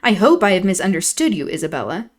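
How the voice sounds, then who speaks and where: A woman reading aloud, voicing a proud, sharp-tongued young lady of the house in a raised, emphatic voice. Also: on the low side, sing-song, fast. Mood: scornful. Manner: scornful, emphatic.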